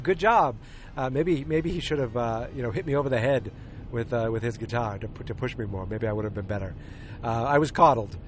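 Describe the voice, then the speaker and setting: A man hosting a casual movie podcast, rambling with lots of fillers and restarts and acting out scenes in quick bursts. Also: medium pitch. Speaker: podcast host. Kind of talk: casual movie review chat.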